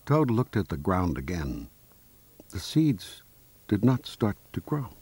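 Slow, husky man reading a children's story. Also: low-pitched. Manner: slow, clear, expressive reading aloud.

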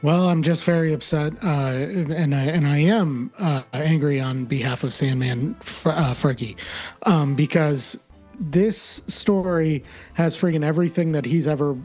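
Man, comedy panelist, mock-earnest rambler, slightly higher voice. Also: a little slow, darkish tone, soft background music. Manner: mock-earnest, rambling, stumbles over names.

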